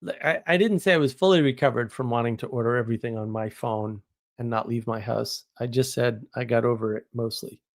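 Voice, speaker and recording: A man's voice: mid-range voice, a little fast, gravelly. Chatty man hosting a casual live stream. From New England. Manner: chatty, rambling, jokey exaggeration. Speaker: live stream host reading chat.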